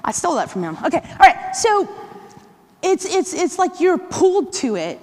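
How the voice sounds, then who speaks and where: A woman's voice: very high voice, big pitch swings, normal speed. A woman giving a live workshop talk to catechists, conversational and often checking in with "right?" and "okay?". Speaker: workshop presenter. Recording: long hall reverb.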